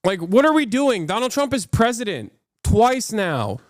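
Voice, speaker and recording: A man's voice: sits high, sing-song, normal speed, dry recording, clean studio sound. Fired-up man ranting on a live stream. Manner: heated, profane ranting. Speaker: political commentator and streamer.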